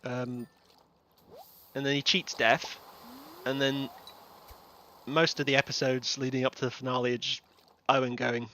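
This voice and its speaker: A man's voice: mid-range voice, steady tone, a little slow, pauses often, pushed and bright, a little hiss or hum. A young man streaming a farming game, ranting animatedly and swearing in casual chat. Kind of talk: casual livestream chat while gaming.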